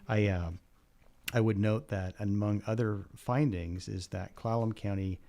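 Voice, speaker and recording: A man giving a measured, earnest radio interview as a county coroner, pausing often with "uh". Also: lowish voice, steady tone, warm tone. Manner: measured and earnest, with frequent "uh" pauses. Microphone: studio microphone.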